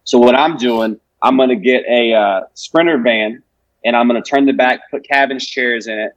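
A man's voice: medium pitch, normal speed, no room sound, dull audio. A man, a comedian chatting casually on a podcast and telling rambling, profane stories. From Alabama, US. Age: 20s. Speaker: comedian guest.

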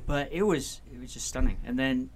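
A man's voice: medium pitch, fairly quick. Easygoing male interviewer. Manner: affirming, chimes in often with short agreements. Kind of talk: casual interview chat.

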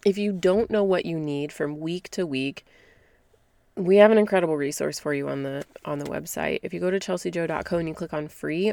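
A woman in her thirties hosts a podcast, offering casual, direct motivational advice and laughing often. Her voice is fairly low and creaky, captured in a dry, clean studio recording.

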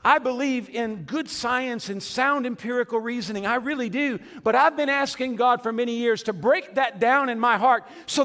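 High-voiced man preaching in a reverberant church. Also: normal speed, few pauses, fairly bright tone. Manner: conversational preaching with humor and audience asides. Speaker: pastor. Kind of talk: sermon. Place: church sanctuary. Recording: long hall reverb.

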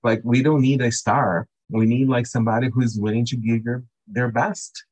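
A man's voice: mid-range voice, normal speed, no echo, low-quality recording. A man hosting a podcast, chatting casually and telling a story with many "like" fillers. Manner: relaxed storytelling, frequent "like" fillers. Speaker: podcast host. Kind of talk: casual interview chat.

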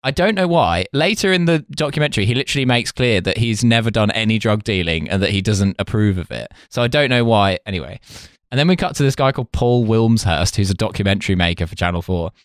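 A man's voice: lowish voice, animated, quick pace, hardly any pauses, no room sound, clean studio sound. A man, co-hosting a podcast in casual chat, rambling, swearing and mimicking voices. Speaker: podcast co-host.

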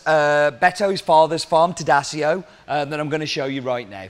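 A man's voice: on the high side, steady tone, unhurried, hardly any pauses, noisy background. A man working as a coffee roaster, explaining cupping scores and roasting, talking through questions aloud as he goes.

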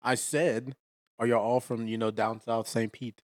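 A man's voice: mid-range voice, level tone, measured pace, a little mellow. Chill guy on a podcast, dry short answers, plain voice. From Atlanta, Georgia. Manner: laid-back, dry agreeing replies. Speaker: podcast co-host. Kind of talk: casual chat.

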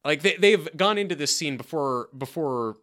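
A man chatting casually as a podcast co-host, recapping a sitcom with animated acting-out of lines and frequent restarts. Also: normal speed. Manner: animated, acts out quoted lines with big pitch jumps; frequent restarts and repeated words.

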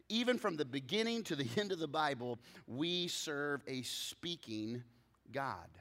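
A man preaching a sermon as pastor, telling stories with lively swings between loud bursts and soft low asides. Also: moderate pace, long reverb tail.

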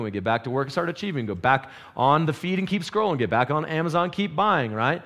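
Dynamic preacher, higher voice. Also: male voice, lively intonation, fast, few pauses. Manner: dynamic, swinging between loud urgent peaks and quiet intense lows; conversational with casual slang. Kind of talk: sermon.

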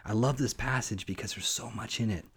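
A man's voice: on the low side, a little fast, gravelly, a bit bright, breathy edge. A man hosting a devotional podcast, preaching in an earnest, heartfelt, personal way and often restarting his sentences. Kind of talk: conversational sermon.

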